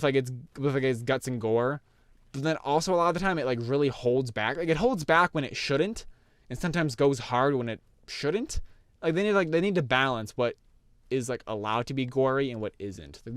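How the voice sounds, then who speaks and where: A man's voice: mid-range voice, no room sound. A young man casually rambling through an anime review, full of fillers and restarts.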